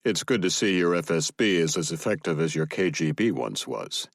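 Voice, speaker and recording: A man's voice: low-pitched, animated, normal speed, creaky, no room sound, studio quality, heavily acted. A man voicing a blunt sergeant major who is firm, businesslike and insistent. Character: blunt American command sergeant major, pushy.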